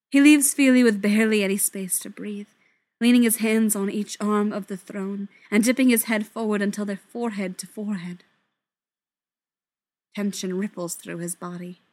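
A woman narrating a story in a soft voice that often drops to a whisper. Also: medium pitch, normal speed. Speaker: story reader.

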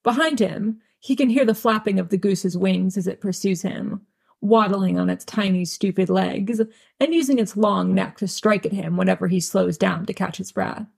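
A woman's voice: medium pitch, moderate pace, gravelly, slightly rough. A woman reading a fan audiobook aloud with wry, dry storytelling. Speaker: audiobook reader.

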